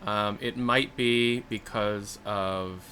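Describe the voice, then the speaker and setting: A young man livestreams, rambling casually as he reads out donations into a desktop USB mic. His fairly low, steady voice is pushed and bright and unhurried, in a low-quality recording with a little hiss or hum.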